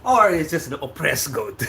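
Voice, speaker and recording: A man with an Indonesian accent, a native Sundanese speaker, hosting a casual livestream chat, relaxed and chuckling, with many fillers. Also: fairly high pitch, gravelly, a little hiss or hum. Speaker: host.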